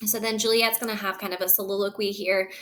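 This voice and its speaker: A woman reads a play aloud, line by line, then explains each passage in relaxed, everyday words. Her voice is bright and clear, and her manner is that of a teacher walking a class through the text. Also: medium pitch, fast talker. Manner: switches between reading lines aloud and plain paraphrase. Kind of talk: read-aloud with casual explanation.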